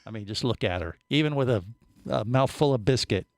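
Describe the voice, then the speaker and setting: A man's voice: mid-range voice, expressive, fairly quick. A man hosting a studio radio show, teasing his guests and wandering through his sentences with fillers. His voice sits in the middle range for a man. The sound is dry and close, with no room echo. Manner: joking, rambling with many fillers. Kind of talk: casual radio chat.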